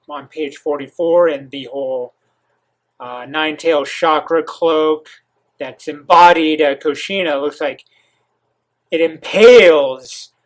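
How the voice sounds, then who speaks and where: A man hosting a comic reaction, reading and commenting with many halting pauses and eager asides. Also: fairly high pitch. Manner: halting, filler-heavy, enthusiastic asides.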